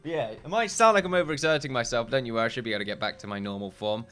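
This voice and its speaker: A man's voice: medium pitch, racing, pushed and bright, clean tone, faint music behind. A tired man casually commenting on his game play as a video host, rambling, correcting himself and chuckling often.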